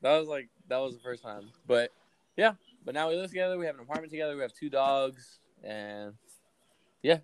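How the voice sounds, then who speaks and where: A man's voice: mid-range voice, brisk, clean tone, no room sound. Young man, casual storytelling, rambling, profane, dry close sound. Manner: rambling, profane, many fillers. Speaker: podcast co-host telling a story. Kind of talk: casual storytelling among friends.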